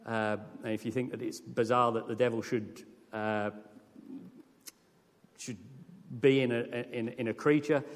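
A man preaching a sermon with earnest, lively emphasis that rises to emphatic peaks. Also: mid-range voice, a little slow, pauses often. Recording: long hall reverb.

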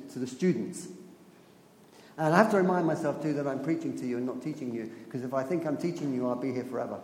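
A man's voice: mid-range voice, darkish tone. A man preaching a sermon in a chatty, storytelling way, laughing often and repeating phrases for emphasis. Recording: echoey hall with faint room noise.

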